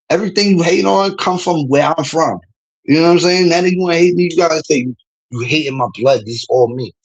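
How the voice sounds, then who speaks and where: A man's voice: a little high, slightly rough, low-quality recording. A young man with a New York accent, a streamer from the Bronx, trash-talking in a casual, profane livestream rant and laughing between lines.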